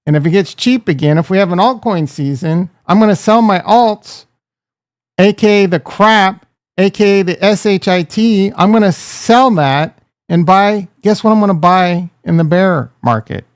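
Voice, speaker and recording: A man's voice: high voice, normal speed, clear, resonant tone, no room sound, studio quality. A man hosting a casual livestream, joking and ranting, talking straight to his chat and calling viewers bro and dude. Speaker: crypto livestream host.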